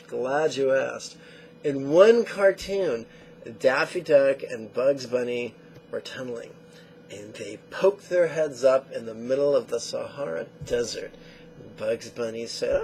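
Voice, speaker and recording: Gravelly man telling stories in a lesson. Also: medium pitch, slow, a little hiss or hum. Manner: animated storyteller acting out quotes. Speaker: meditation teacher. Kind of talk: spoken meditation lesson.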